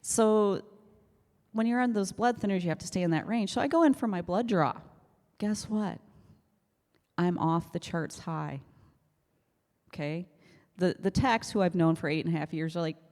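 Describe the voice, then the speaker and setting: A woman with a fairly low voice tells her testimony with animated energy. She acts out the people in her story and laughs often. Her voice rings with long reverb from a church hall. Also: normal speed, pauses often. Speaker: church member giving testimony. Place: church sanctuary.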